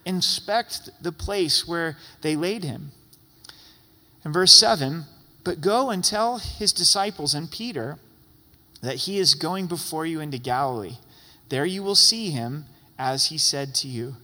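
A middle-aged male pastor preaches with earnest force and bursts into loud exclamations now and then. His voice is bright and sits a little high for a man. A long reverb hangs after each phrase. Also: animated, measured pace. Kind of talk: sermon.

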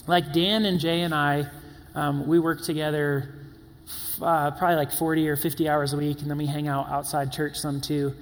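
A man's voice: fairly high pitch, little pitch movement, normal speed, in a large hall, rough recording. A man in his twenties preaching a sermon in a conversational way, with filler words and playful asides. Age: 20s. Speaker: pastor.

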